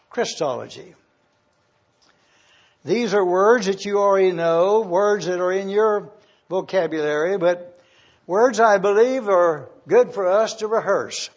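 A man preaching a teaching sermon, reading scripture aloud and slowly spelling out terms. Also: sits high. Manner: slow and deliberate, spelling out terms. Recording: dull lo-fi sermon recording.

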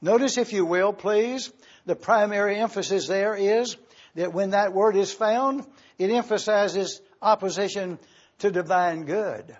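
A pastor, a man, teaching a sermon in a slow, deliberate way, spelling out Greek words for his congregation. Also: high voice, lo-fi sound. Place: church.

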